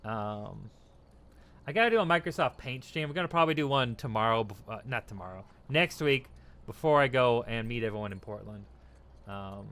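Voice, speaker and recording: A man's voice: mid-range voice, big pitch swings, normal speed, pushed and bright, slight background noise. A tipsy man streaming a game, rambling casually, laughing and thanking his chat.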